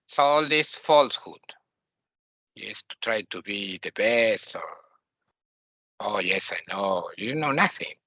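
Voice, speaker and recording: A man with an Argentinian Spanish accent teaches a spiritual lesson in English, his voice bright and forward. He talks in an animated, repetitive way, tossing off mocking asides. The sound is dry and a little dull, with no room around it. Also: medium pitch, no room sound. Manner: animated, repeats words, mocks the ego in asides.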